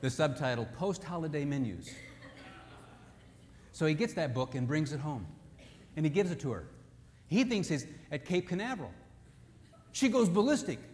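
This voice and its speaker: A man preaching a sermon, telling humorous, animated stories to make his points. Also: a little high, moderate pace, long pauses, long reverb tail, slight background noise.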